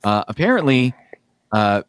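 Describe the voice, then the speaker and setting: A man's voice: mid-range voice, big pitch swings, measured pace, clean tone. A man co-hosting a podcast in casual banter, swearing freely and reading news quotes aloud. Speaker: podcast co-host.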